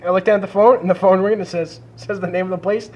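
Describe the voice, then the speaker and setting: The audio lacks its highs, and the man speaking has a high voice and a rapid-fire delivery. Co-hosting a podcast, he swears freely while animatedly retelling a story and mimicking its characters.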